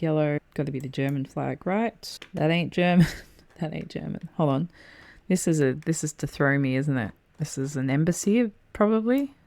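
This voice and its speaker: A woman's voice: sits low, darkish tone, no echo. A woman commenting casually on a geography guessing game, thinking aloud, muttering asides and swearing freely. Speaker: game streamer.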